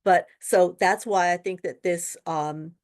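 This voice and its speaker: A woman tutoring for a real estate exam in a webinar, talking casually and telling lively stories with quoted dialogue. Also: lowish voice, takes it slowly. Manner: chatty, animated storytelling with quoted dialogue. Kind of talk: webinar lesson with anecdotes.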